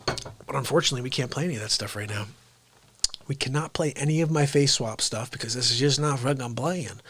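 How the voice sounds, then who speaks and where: A man's voice: medium pitch, brisk, fairly bright tone, slightly rough. A man hosting an unscripted livestream, rambling and joking and then griping when his tech won't work. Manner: rambling, jokey, frustrated with tech. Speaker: livestream host.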